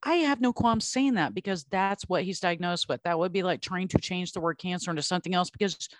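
A woman's voice: on the low side, brisk, dry recording. Woman host, blunt and emphatic, casual chat, dry close sound.

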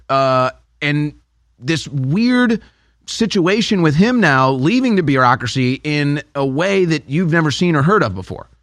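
Higher-voiced male show host. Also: a bit bright, no room sound. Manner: conversational, uses sports metaphors. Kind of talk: casual interview conversation.

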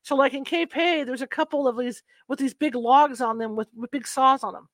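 A chuckling, chatty storyteller, this middle-aged Californian from Sacramento spins anecdotes as a conversation partner in a casual chat. Her voice is a little on the high side and brisk. The recording is close and dry, with no room sound.

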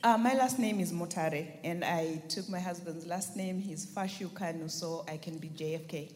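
A woman's voice: fairly low pitch, moderate pace, a little mellow, a little hiss or hum. Woman from Zimbabwe, audience member, dry matter-of-fact answers, echoing live room.

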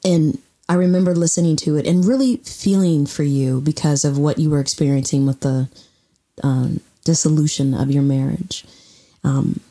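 Woman co-host, low husky voice, animated storyteller in an intimate chat. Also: moderate pace. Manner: animated storyteller, acts out quotes. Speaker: podcast co-host. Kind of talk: casual intimate conversation.

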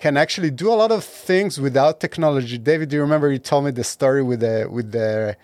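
A man's voice: mid-range voice, darkish tone, no room sound. Guy chatting on a panel, stops and restarts a lot, dry close sound. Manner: halting, restarts often, says "like" a lot. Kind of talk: casual panel discussion.

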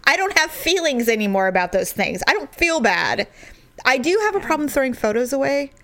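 A middle-aged woman chatting casually, sarcastic and animated, laughing often. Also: sits high, brisk. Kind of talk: casual chat.

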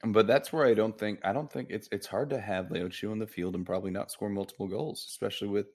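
Male co-host, very low voice, playful quipster. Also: darkish tone. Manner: jokey, quick quips. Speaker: podcast co-host. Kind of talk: casual chat.

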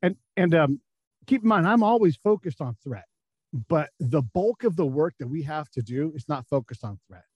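A man's voice: on the high side, animated, moderate pace, breathy edge, no echo, lo-fi sound. A middle-aged man telling war stories candidly in a casual interview, swearing freely and acting out the people he quotes. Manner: candid, profane, acts out quotes in voices. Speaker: guest, former military intelligence officer.

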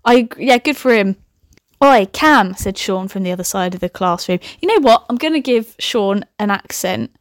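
A woman's voice: mid-range voice, expressive, normal speed, dry recording, studio quality. A young woman reading aloud a comic story she wrote, breaking off often for chatty, giggly, swearing asides. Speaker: podcast host reading her own old story. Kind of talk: comic reading with running commentary.

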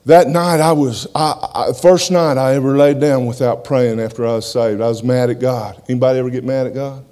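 Man with a mellow, dark voice, giving a plain-spoken, folksy church testimony. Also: mid-range voice, steady tone, a little fast, few pauses. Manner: plain-spoken, folksy, repeats words as he goes. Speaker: preacher giving his testimony.

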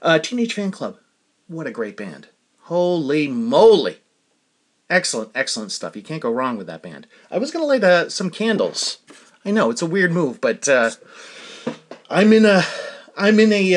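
Candid, rambling male podcast host. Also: fairly high pitch. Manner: candid, rambling with many fillers and restarts. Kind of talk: casual personal monologue.

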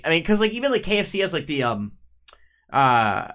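A man's voice: on the high side, sing-song, a little fast, sharp tone. Rambling man co-hosting a podcast. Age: 40s. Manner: rambling, hesitant, trails off. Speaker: podcast co-host. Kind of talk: casual chat.

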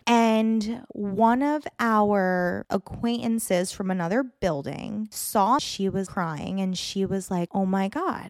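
A woman's voice: mid-range voice, a little mellow, dry recording, studio quality. A young adult woman hosting a solo podcast episode, ranting bluntly and swearing often. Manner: blunt, profane, exasperated ranting. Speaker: podcast host.

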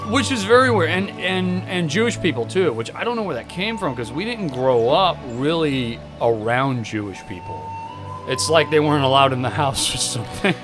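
Brash storytelling man with lively pitch. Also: normal speed, over music. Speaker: podcast co-host. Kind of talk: casual comedic chat.

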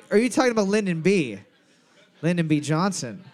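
Male quiz host, higher voice, joking and loose. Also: very animated, darkish tone. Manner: playful, drawls questions slowly, laughs often. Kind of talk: casual comedic quiz chat.

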